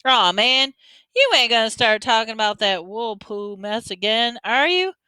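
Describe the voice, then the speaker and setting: A woman's voice: fairly high pitch, unhurried, sharp tone, smooth, no echo. A woman reader voicing a tough teenage boy who talks slangy and bossy to his little brother. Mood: scolding. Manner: slangy, scolding, street talk.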